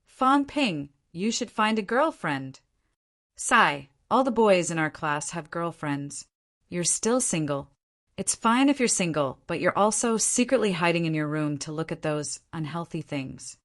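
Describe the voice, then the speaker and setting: A woman's voice: fairly low pitch, animated, measured pace. A woman voicing a teasing, bratty young sister who mocks and scolds her older brother in a storybook reading. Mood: mocking. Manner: mocking, scolding.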